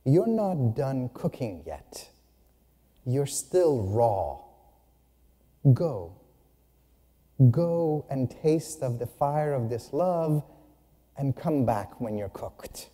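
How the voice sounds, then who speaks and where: A man voicing God in a told story, soft and slow with a hushed, gentle delivery, in a reverberant hall. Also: mid-range voice, big pitch swings, full character voice. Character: gentle voice of God, calm and loving.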